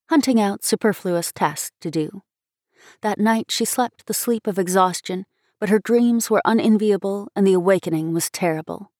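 Expressive woman reading a story. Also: medium pitch, dry recording, studio quality. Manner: expressive, measured. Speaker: story reader. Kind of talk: storybook narration.

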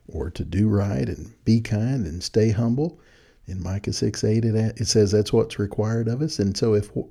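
A man's voice: lowish voice, vocal fry, dark tone, husky. A man hosting a podcast, talking in a folksy, casual way at a desk microphone and chuckling at his own points. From Texas. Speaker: podcast host. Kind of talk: casual spoken reflection. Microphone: studio mic with headphones at a desk.

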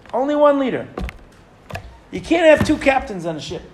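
Middle-aged guy teaching torah to a class, high voice that jumps all over, quizzes the room. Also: moderate pace, slight background noise. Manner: animated, questions the class, reads Hebrew verses aloud.

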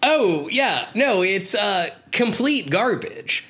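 A man's voice: high voice, big pitch swings, slow pace, sharp tone. A man co-hosting a podcast, wryly recapping a cartoon plot in casual chat, swearing and laughing. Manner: wry, sweary, laughs often. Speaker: podcast co-host.

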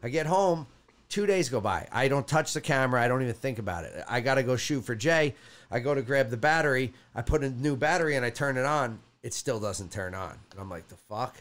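A man's voice: mid-range voice, a little fast. A man casually telling a long story on a podcast, acting out the other people's lines as he goes. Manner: animated, acts out dialogue while telling a story. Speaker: podcast co-host.

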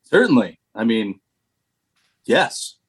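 A man being interviewed as a band member on a comedy radio show, answering absurd questions in a matter-of-fact, deadpan way. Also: medium pitch, slow, husky. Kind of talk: comic interview.

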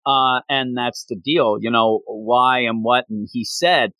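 A man hosting a casual chat recapping an anime, talking in a rambling, animated way and laughing often. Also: medium pitch, a little slow, hardly any pauses, dry recording, poor audio.

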